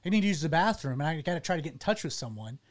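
Earnest man with a raised pitch. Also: very animated. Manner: earnest, halting, with frequent restarts. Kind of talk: personal storytelling in conversation.

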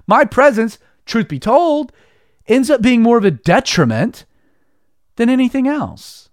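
Lively high-voiced man preaching casually. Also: unhurried, no echo, studio quality. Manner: conversational, heavy use of "like", frequent restarts. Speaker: Christian preacher. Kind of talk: casual devotional teaching.

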